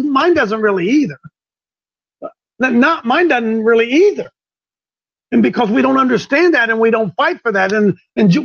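A male host of a religious talk show delivers preachy rhetorical questions in a high voice. He often restarts mid-sentence, and the audio is dull and lo-fi. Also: fairly bright tone. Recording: dull lo-fi sound.

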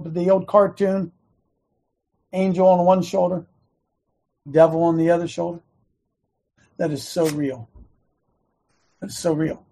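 Husky, slow-talking man preaching. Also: a little high, dark tone. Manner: earnest and emphatic, repeats key lines. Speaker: coach giving a devotional talk. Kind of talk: sermon.

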